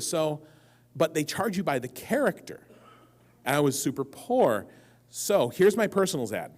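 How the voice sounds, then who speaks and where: A man's voice: a little high, sing-song, normal speed, a little mellow. A man answering audience questions on a convention stage, telling rambling, self-mocking stories that keep wandering off track. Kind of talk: live convention Q&A storytelling.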